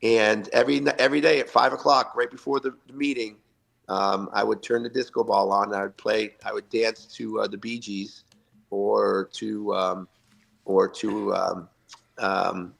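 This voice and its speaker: A man in his fifties, a retired hockey player, telling animated locker-room stories as a podcast guest and acting out the quotes. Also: on the low side, moderate pace, vocal fry. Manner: animated anecdotes with acted-out quotes. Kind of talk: storytelling interview.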